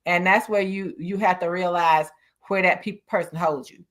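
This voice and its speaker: A woman's voice: fairly low pitch, fairly even intonation, normal speed, fairly bright tone. A woman in a casual chat, talking freely and laughing easily.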